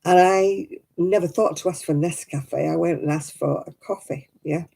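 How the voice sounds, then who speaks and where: A woman's voice: lowish voice, moderate pace, creaky, mellow, low-quality recording. A middle-aged woman chatting casually at home while she crafts. She tells stories and laughs often. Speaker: craft vlogger.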